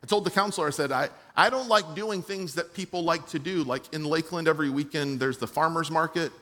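A man preaching a sermon to his own church as its pastor, telling a personal story and swinging between quiet, soft passages and emphatic ones. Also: on the high side, quick pace.

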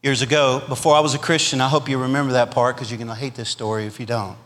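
A man with a Southern US accent preaching a storytelling revival sermon, swinging between loud punches and quiet asides. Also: mid-range voice, flat delivery, fast talker, in a large hall. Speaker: pastor.

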